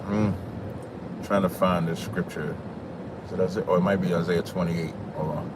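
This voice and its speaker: A man's voice: sits low, steady tone, normal speed, background noise. A man hosting a call-in livestream, reading scripture aloud and talking over interrupting callers. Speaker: livestream host.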